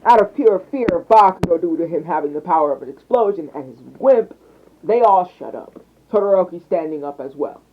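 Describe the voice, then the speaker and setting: A man's voice: high voice, expressive, fairly quick, a little hiss or hum. Rambling young man telling a fan story. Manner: rambling, hesitant, with restarts. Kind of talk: improvised fan-fiction narration. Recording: tinny phone mic.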